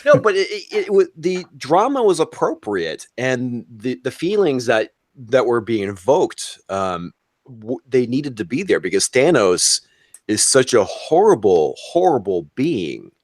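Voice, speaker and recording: A man on a podcast roundtable, telling an excited story with lots of fillers and restarts. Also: mid-range voice, unhurried, dry recording. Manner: excited, animated storytelling with frequent fillers and swearing. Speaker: roundtable guest. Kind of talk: casual podcast chat.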